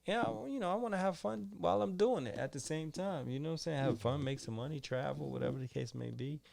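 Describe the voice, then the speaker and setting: A man's voice: a little high, fast, gravelly, a little mellow, a little hiss or hum. A man in his forties from Boston, hosting a podcast and chatting casually with his son, rambling and saying "you know what I'm saying" again and again. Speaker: podcast host and father. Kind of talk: casual interview chat.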